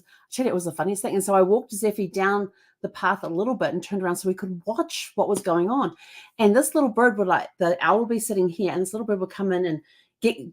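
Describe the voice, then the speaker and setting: Woman podcast host, slightly low voice, casual rambling storyteller with lots of restarts. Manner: rambling, with many restarts and fillers.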